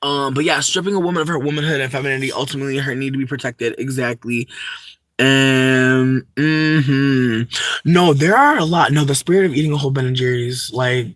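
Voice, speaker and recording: A man's voice: medium pitch, brisk, fairly bright tone, no room sound, clean studio sound. A young man talking casually to a livestream chat, ranting emphatically with lots of swearing and restarts. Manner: profane, emphatic, many fillers and restarts.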